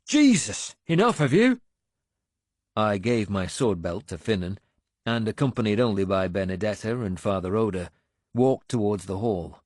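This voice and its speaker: A man narrating an action audiobook in measured storytelling style, close to a studio microphone. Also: no room sound. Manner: measured storytelling, lively pitch. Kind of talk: scripted narration.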